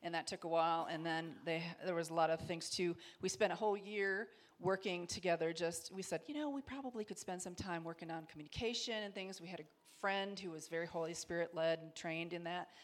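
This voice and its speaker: A woman telling a mission story with her husband, in a steady, matter-of-fact manner. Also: on the low side, fairly quick, few pauses. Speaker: missionary co-host. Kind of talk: casual testimony talk.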